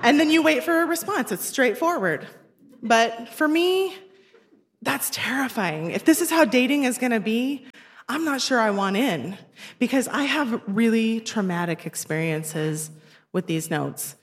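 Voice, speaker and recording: A woman of forty telling a personal story at a live show, wry and self-deprecating with lively comic timing. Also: on the high side, a little slow. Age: 40s. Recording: roomy echoey venue sound.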